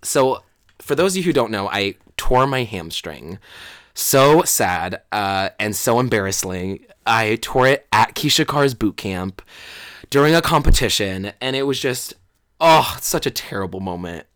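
A man's voice: on the low side, expressive, unhurried, fairly bright tone, no room sound, clean studio sound. A young man, a drag performer, telling stories in a casual interview with lots of fillers and acted-out quotes. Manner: chatty storytelling, acts out quotes, many fillers.

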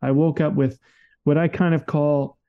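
A man's voice: on the high side, flat delivery, normal speed, smooth, narrow, tinny audio. A man co-hosting a podcast in casual conversation, talking candidly and emphatically and swearing freely. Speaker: podcast co-host.

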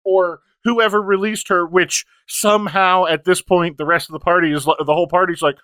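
A man's voice: high voice, fairly even intonation, fairly quick, hardly any pauses, sharp tone, clean tone, dry recording. A man co-hosting a podcast, chatting casually about a tabletop game session and rambling through asides while quoting the other players. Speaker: podcast co-host.

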